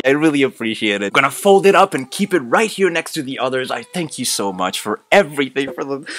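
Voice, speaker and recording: A young man hosting an unboxing vlog, gushing and excitable, with big jumps in his voice and constant exclamations. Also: a little high, no room sound. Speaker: unboxing video host.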